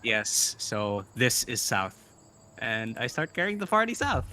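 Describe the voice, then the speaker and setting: A man's voice: medium pitch, very animated, pushed and bright. A man playing in a tabletop game over an online call, chatting casually and joking with the group. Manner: playful and quick to joke. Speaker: player.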